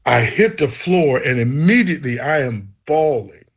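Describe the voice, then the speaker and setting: A man's voice: medium pitch, animated, moderate pace, slightly rough. A man telling his personal faith testimony in an earnest, vivid way, acting out the dialogue as he goes. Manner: earnest, vivid storyteller who acts out dialogue. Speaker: guest sharing a faith testimony.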